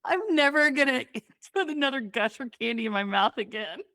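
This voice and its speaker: A young woman co-hosts a podcast, chatting casually with lots of fillers and frequent laughter. Her high voice is animated and sharp in tone, at a moderate pace. The studio sound is clean, with no echo.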